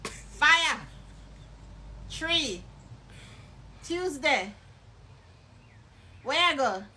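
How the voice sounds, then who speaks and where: Mother, high lively voice, slow deliberate delivery. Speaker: mother doing the challenge.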